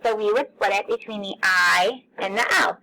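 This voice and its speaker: Woman teacher for a kids' phonics video: patient, encouraging, bright tone with a little fry. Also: mid-range voice, rough recording. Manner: patient, encouraging, drawn-out word sounding. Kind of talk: recorded phonics lesson for children.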